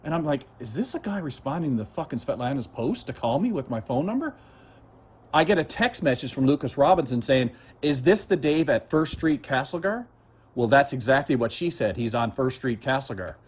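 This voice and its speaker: Agitated, profane man with a husky voice. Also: mid-range voice, expressive, fairly quick. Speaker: complaining citizen. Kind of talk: heated conversation.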